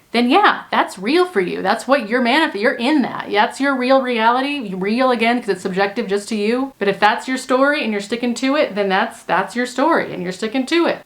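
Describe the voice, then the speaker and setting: A young woman talking to camera as a manifestation coach, earnest and emphatic, repeating points for stress. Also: a little high. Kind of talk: casual talk to camera.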